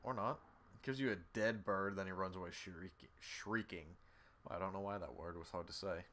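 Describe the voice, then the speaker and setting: A gaming streamer with a low, fairly bright voice commentates on a game live at normal speed, talking casually and directly to viewers. He swears freely and reads the on-screen text aloud.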